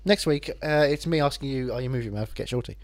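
A man co-hosting a casual film chat, quick and teasing, with silly bits and mock whispers. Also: mid-range voice, dry recording. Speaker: podcast co-host. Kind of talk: joking casual chat about films.

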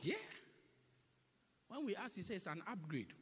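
A male pastor with a high, lively voice preaches a sermon at moderate pace in a church, his voice echoing with long reverb in a large hall. He's emphatic and repetitive, doing mocking impressions, with slight background noise.

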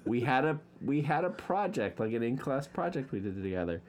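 A man's voice: mid-range voice, big pitch swings, fairly quick, a little mellow, a little hiss or hum. A man co-hosting a sports podcast, telling a story in casual chat and laughing often. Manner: laughs often, tells stories. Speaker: podcast co-host.

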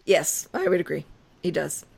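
A young woman hosts a relaxed podcast conversation, playful and quick to laugh. Her voice swings widely up and down as she jokes. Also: low voice, creaky, breathy edge. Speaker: podcast host. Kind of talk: casual chat.

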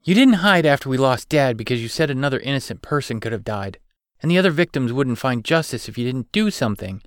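A man voicing an excited, teasing teenage girl about to start college, eager and pushy. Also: mid-range voice, normal speed, no room sound, clean studio sound, close to an everyday voice. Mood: excited, insistent.

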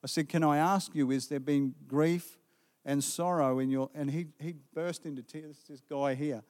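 A man preaches in a church, earnest and story-driven, acting out both sides of a conversation. His voice sits somewhat high for a man. A long reverb trails every phrase through the hall. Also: normal speed. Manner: earnest, retelling dialogue with lively quoted exchanges. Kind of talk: sermon testimony storytelling. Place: church sanctuary.

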